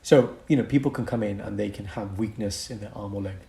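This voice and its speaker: A man's voice: fairly low pitch, fast talker, creaky, warm tone. A man co-hosting a casual podcast, explaining medical conditions and chuckling between points.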